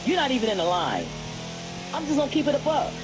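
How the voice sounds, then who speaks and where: Brief: woman streamer, blunt and profane, slightly high voice, noisy phone audio. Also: sing-song, fast. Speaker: live stream host. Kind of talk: casual live stream commentary.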